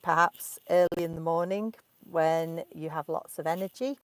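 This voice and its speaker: A woman in her thirties with a Derbyshire accent, an English teacher answering questions from learners in slow, clear speech, recorded inside a parked car. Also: deep voice, fairly even intonation, no room sound. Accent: Derbyshire English, clearly spoken. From Derbyshire, England.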